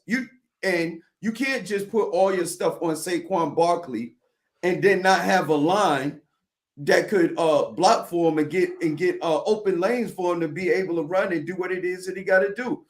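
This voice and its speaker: A man's voice: sits high, moderate pace. A man giving football analysis in a casual sports talk, thoughtful and hesitant. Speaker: guest sports commentator.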